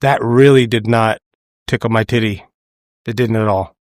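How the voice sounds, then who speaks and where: A man's voice: lowish voice, fairly even intonation, moderate pace, dry recording. A young man co-hosting a casual comedy podcast, laid-back and dry with crude jokes. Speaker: podcast co-host.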